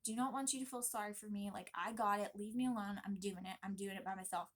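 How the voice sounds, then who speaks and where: A young woman vlogging casually, talking in an emphatic, chatty and animated way. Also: mid-range voice, fast talker. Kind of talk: casual pregnancy vlog talk.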